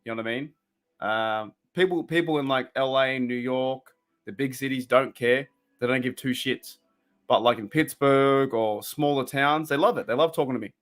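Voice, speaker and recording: A young man with an Australian accent talks casually to his stream viewers at an everyday mid pitch. He rambles in a laid-back way, laughing easily, and breaks into loud reactions when something big happens in the game. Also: normal speed. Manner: laid-back, chatty, laughs often, reacts loudly to plays. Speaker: watch party streamer. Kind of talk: casual live-stream chat.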